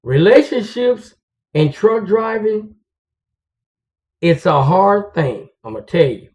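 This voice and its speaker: A man's voice: sits high, very animated, slow, a little mellow. A man, a truck driver, telling stories and giving advice to fellow drivers in a casual, slangy, confiding way. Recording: dull lo-fi recording.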